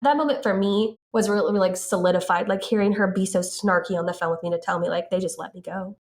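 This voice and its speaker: A woman's voice: mid-range voice, fast talker. A woman casually telling a story, acting out the dialogue and saying "like" a lot. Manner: animated, acts out quoted dialogue, frequent "like". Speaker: interviewee recounting events.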